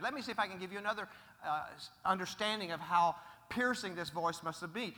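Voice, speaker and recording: Man, pastor, sermon, middle-aged, emphatic, asks the crowd questions, bright voice, echoey hall. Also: high voice.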